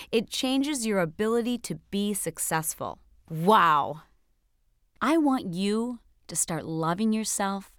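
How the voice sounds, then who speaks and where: A woman's voice: mid-range voice, clean tone, no room sound, studio quality. A woman fitness instructor giving a scripted motivational coaching talk, emphatic and direct as she speaks straight to the viewer.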